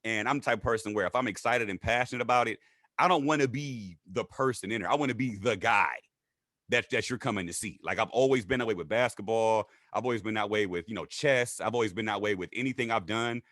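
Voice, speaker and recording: A man telling his story in a casual interview, animated and acting out what others said in raised voices. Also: fast, no echo, clean studio sound. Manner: animated, acts out quotes in high voices. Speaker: guest.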